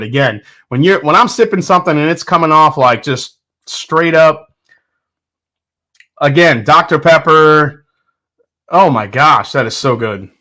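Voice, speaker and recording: A man hosts a casual livestream and chats with viewers. His voice is bright and forceful. He talks with easy enthusiasm and thinks aloud, poking fun at himself. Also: mid-range voice. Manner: chatty and enthusiastic, self-deprecating, thinking aloud. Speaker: host of a whiskey tasting livestream. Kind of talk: casual livestream chat, reading viewer comments.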